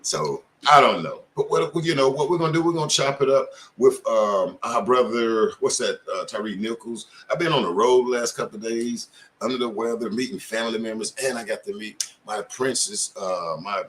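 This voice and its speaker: A man's voice: mid-range voice, fairly quick, a bit bright. A middle-aged man hosting his channel, giving casual commentary in informal street talk and firing off pointed questions. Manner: impassioned, asks many pointed questions. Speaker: channel host.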